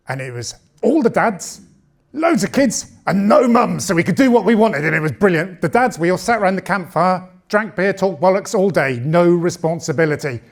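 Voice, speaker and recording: A man in his late fifties doing a bawdy, conversational stand-up comedy set on a club stage, speaking into a handheld mic. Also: high-pitched. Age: 50s. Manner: bawdy, conversational, punchy delivery.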